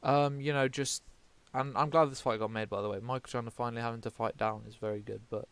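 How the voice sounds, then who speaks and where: A man's voice: medium pitch, steady tone, fast talker, fairly bright tone, clear, resonant tone. A man from the UK giving casual fight predictions, rambling, swearing often and correcting himself as he goes. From United Kingdom. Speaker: MMA vlogger.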